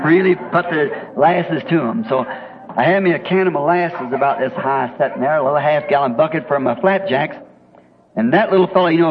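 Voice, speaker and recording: A man with a Southern American accent, telling a folksy, homespun story in a sermon, chuckling as he goes. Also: a little high. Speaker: preacher. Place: church meeting. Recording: tinny lo-fi old tape with faint hiss.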